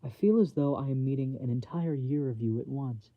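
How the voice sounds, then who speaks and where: A man reading aloud, voicing a gentle, sincere male artificial intelligence who speaks in an earnest, formal and literal way, in a dull home recording. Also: medium pitch, a little fast, dry recording, natural voice.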